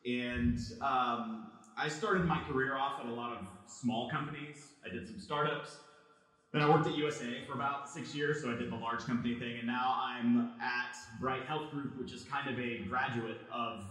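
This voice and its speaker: Relaxed man hosting in a very echoey room. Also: medium pitch, moderate pace, recorded from a distance. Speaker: podcast host and design leader. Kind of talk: conversational podcast talk and live conference presentation.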